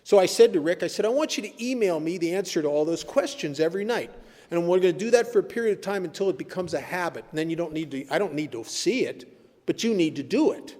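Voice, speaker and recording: High-voiced man telling recovery stories. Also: quick pace. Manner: storytelling, animated, laughs at own stories. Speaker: AA speaker. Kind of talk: recovery meeting talk. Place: meeting hall. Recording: echoey hall recording.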